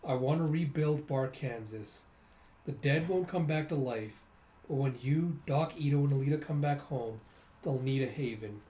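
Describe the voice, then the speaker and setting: A man's voice: medium pitch, normal speed, dark tone, close to an everyday voice. A man voicing a cheerful, easygoing older man with a hearty manner, close to his own voice. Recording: roomy echo.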